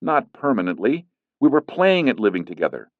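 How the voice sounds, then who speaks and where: Man voicing a firm man, measured, defensive, dry lo-fi sound. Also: mid-range voice, very animated, no room sound, pitched above the performer's own voice. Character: firm middle-aged man, a lawyer. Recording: dull lo-fi recording.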